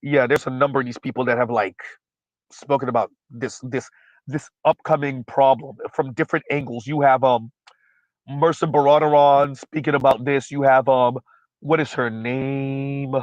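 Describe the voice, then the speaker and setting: A man's voice: mid-range voice, fairly even intonation, normal speed, no echo, muffled recording. A man hosting a livestream, speaking bluntly and emphatically, repeating his points, and stumbling over fillers while he recalls names. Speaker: livestream host. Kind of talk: casual livestream commentary.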